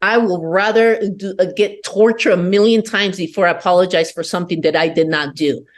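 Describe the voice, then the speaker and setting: Woman from Peru, podcast guest. Low-ish voice, blunt and emphatic, swears freely. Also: steady tone, fairly quick. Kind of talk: candid personal storytelling.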